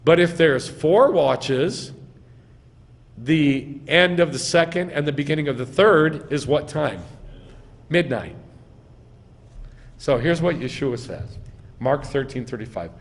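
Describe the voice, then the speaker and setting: A man preaches as a rabbi, speaking slowly with a lively, swinging pitch. He asks the congregation questions, then answers them himself and hits key words hard. His voice rings out with long reverb in a hall. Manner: emphatic, stresses words. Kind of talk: sermon teaching. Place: synagogue sanctuary.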